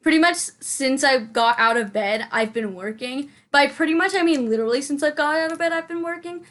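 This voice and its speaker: Young woman rambling over a game build, kinda high voice, all over the place, talks to herself, headset mic. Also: a little fast, fairly bright tone. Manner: scatterbrained, self-mocking, talks to herself. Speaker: channel host. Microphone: headphones with mic.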